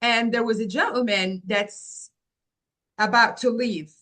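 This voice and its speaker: A woman from Morocco, a guest telling her life story in an animated way and acting out the people in it. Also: a little high. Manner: animated, acts out quoted dialogue, quick restarts. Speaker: guest, agency founder. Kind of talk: personal storytelling in an interview.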